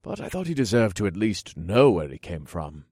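A man narrating a first-person fantasy story in a steady, earnest, reflective way. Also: low-pitched, moderate pace, husky, dry recording, clean studio sound. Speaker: audiobook narrator.

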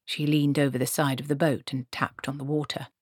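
A woman reading a fantasy audiobook in a steady, measured storytelling manner. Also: rumbling low, no room sound, studio quality. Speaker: audiobook narrator. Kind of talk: scripted fantasy narration.

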